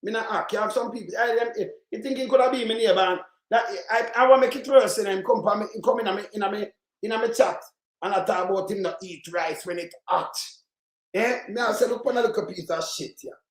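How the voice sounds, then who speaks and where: A man's voice: sits high, quick pace. A man with a Jamaican accent hosting his own channel, ranting angrily about politics in a rambling, patois-laced way and swearing often. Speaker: channel host. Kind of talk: heated political rant. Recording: roomy echoey sound.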